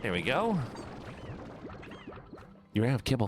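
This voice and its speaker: A male game streamer who chats playfully with viewers and laughs often. His low voice leaps around in pitch, and there is faint music underneath. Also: big pitch swings, moderate pace. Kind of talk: casual live-stream chat while gaming.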